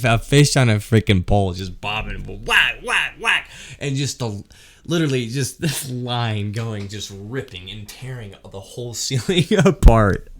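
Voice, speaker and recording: A man telling a rowdy story casually, laughing often and peppering it with swearing. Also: medium pitch. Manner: animated, laughs often, swears and says "freaking".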